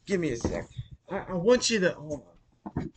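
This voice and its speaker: A man casually recapping a movie for his channel, rambling with restarts and apologies, excitable and swearing. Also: high voice, brisk, noisy background. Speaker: YouTuber reviewing a movie.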